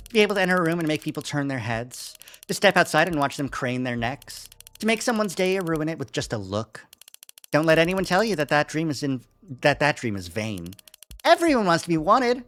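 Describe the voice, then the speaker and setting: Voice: medium pitch, big pitch swings, fairly quick, fairly bright tone. A streamer voicing a coaxing AI companion. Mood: persuasive. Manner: coaxing, salesy, calls the player darling. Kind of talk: reading game dialogue aloud.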